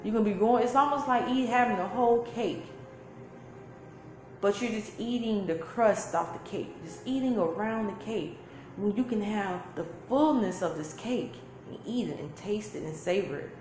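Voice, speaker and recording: A woman's voice: medium pitch, normal speed, a little mellow, slight background noise. A woman, giving an emphatic, preachy spiritual talk full of repeated phrases. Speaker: spiritual teacher. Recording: echoey room with faint music.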